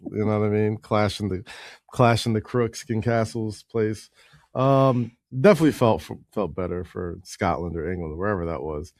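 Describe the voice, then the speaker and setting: A young man from New York co-hosting a podcast, playful and quick to laugh in casual chat. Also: on the low side, no echo, studio quality. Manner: laughing, playful, lively ups and downs. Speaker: podcast co-host.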